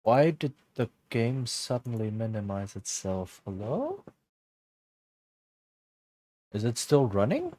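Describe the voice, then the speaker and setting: A man's voice: medium pitch, big pitch swings, unhurried, mellow, no room sound. A man streaming a game, tired and yawning, thinking aloud and joking casually. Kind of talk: casual gameplay commentary.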